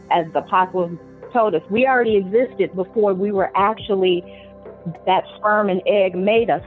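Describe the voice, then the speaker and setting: A woman speaking earnestly and encouragingly about faith, sometimes restarting her sentences. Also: medium pitch. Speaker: niece, guest speaker. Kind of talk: faith talk, preaching. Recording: phone-like line.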